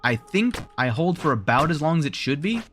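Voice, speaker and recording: A man's voice: a little high, big pitch swings, fairly quick, a bit bright, faint music behind. A man with a Southern drawl giving live gameplay commentary, thinking aloud in rambling self-talk, his voice wearing out. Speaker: streamer.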